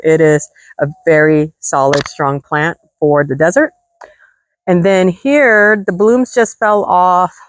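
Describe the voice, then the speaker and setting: A woman's voice: lowish voice, dry recording. A woman vlogging in her garden, chatty and enthusiastic as she talks to viewers, out of breath from the heat. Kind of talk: casual gardening vlog. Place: outdoor desert garden.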